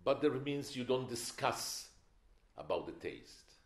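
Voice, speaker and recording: An older man gives a film masterclass lecture, opinionated and emphatic, spinning wry stories. His medium-pitched voice swings widely in pitch and moves at a slow pace. The lecture hall recording is echoey.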